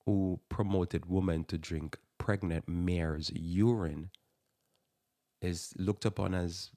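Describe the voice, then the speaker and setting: Low-pitched guy rambling on christian talk radio, lots of restarts, dry close mic. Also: darkish tone, no echo. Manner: rambling, repeats words, restarts sentences. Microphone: radio studio mic.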